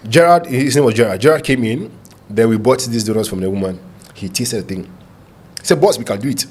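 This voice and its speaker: Man, medium pitch, lively storyteller, podcast interview guest. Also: fairly quick, slightly rough. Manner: lively storyteller who acts out quotes and laughs often. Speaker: business founder guest.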